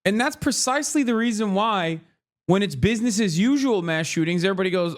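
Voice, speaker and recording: A man streaming live reaction commentary, ranting sarcastically and with a lot of profanity. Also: high-pitched. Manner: fast, heated, animated delivery. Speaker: streamer host.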